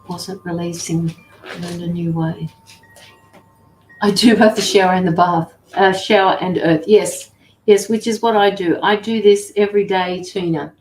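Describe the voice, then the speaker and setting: A woman with a lowish voice hosts a casual livestream as a tarot reader and medium, chatting affectionately with viewers and fussing over her dogs. The recording has a roomy echo with faint music.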